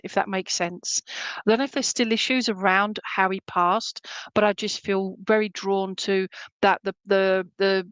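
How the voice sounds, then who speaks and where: A woman's voice: medium pitch, a bit bright, clear, resonant tone, no echo. A woman giving a clairvoyant reading at an online church service, chatty and reassuring, with many fillers and restarts. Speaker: medium at a spiritualist church.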